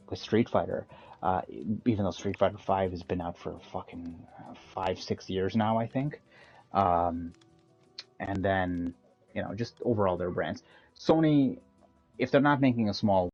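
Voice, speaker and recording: A man's voice: low voice, a little mellow, muffled recording. A man hosting a casual podcast chat, giving his opinions as he thinks aloud. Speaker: podcast host.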